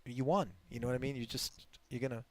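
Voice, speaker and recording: A man doing live poker commentary and telling animated stories, laughing as he goes. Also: medium pitch, quick pace, dry recording. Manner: animated storyteller, laughs through anecdotes.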